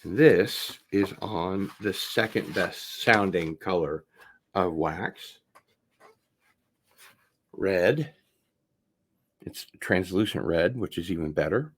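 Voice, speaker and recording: A man with a low, expressive voice and a breathy edge hosts a casual livestream unboxing of vinyl records. He rambles in a drawn-out way, talking things over as he opens packages and drifting off on tangents.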